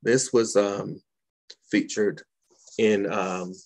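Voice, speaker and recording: A man, a poet, reading his poems aloud in a slow, dramatic, deliberate way with long pauses. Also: fairly low pitch, fairly even intonation, a little mellow. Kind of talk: poetry reading.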